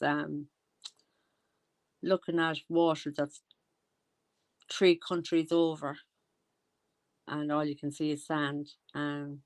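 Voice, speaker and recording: A woman with an Irish accent giving casual, rambling commentary and often losing her train of thought. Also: deep voice. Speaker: commentary vlogger.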